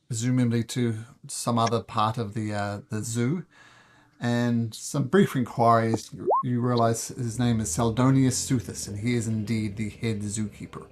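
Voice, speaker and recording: Laid-back man running a tabletop game. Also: mid-range voice. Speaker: game master.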